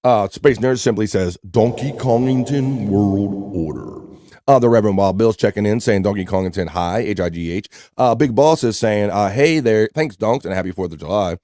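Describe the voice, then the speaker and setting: A man's voice: lowish voice, normal speed, warm tone, no room sound, studio quality. Laid-back American man hosting a live stream. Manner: laid-back, reads chat messages aloud. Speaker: livestream host. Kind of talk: casual live show chat reading comments.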